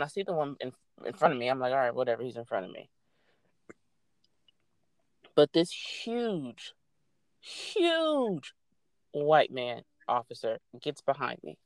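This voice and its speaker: A young adult woman casually telling a story, animated and swearing freely as she acts out what people said. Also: very deep voice, no room sound.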